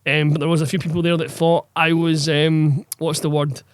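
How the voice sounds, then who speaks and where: A man's voice: a little high, flat delivery, normal speed, clean tone, no room sound. Sweary, rambling man. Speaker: podcast co-host, game master. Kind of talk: casual podcast chat.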